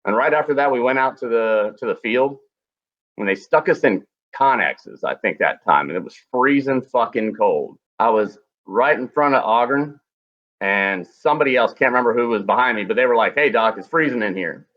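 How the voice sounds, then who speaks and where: Here a former combat medic, speaking at normal speed in a medium-pitched voice, relays crude army stories in a relaxed storytelling style. He acts out the quoted speakers vividly, though the recording is muffled.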